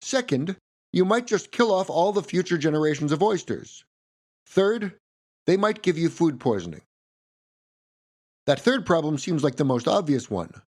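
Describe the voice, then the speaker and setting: A man's voice: a little high, sing-song, moderate pace, darkish tone. A man hosting a history podcast, reading a script in a playful way with wry asides.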